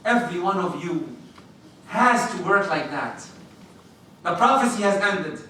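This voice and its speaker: Preacher, male, lively sermon delivery, high ringing voice, heard from a distance in a reverberant mosque hall. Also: measured pace, a little hiss or hum. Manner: animated, acts out little scenes, questions the listeners. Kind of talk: sermon to a congregation. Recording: echoey hall, distant mic.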